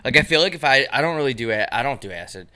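Young man, podcast co-host, lively pitch swings, bright tone, crude jokes. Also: very fast. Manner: crude, joking, animated. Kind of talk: casual chat. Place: small hot home studio.

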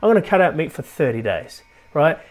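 A man's voice: on the high side, a little fast. A man hosting a motivational podcast as a life coach, talking animatedly and tagging his points with "right?". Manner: keeps adding "right?", animated.

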